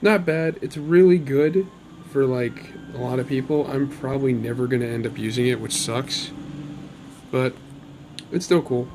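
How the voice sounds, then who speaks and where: A man's voice: medium pitch, fairly even intonation, normal speed, noisy background. A man hosting his own gaming channel, talking casually over gameplay in a chatty, upbeat way with rambling asides.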